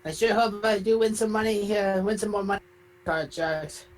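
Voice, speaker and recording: A man's voice: high-pitched, moderate pace, pitched above the performer's own voice, close to an everyday voice, low-quality recording. Man putting on a rambling contestant voice. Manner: rambling, hesitant, full of fillers. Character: rambling young male game show contestant. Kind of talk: fan-made game show role-play.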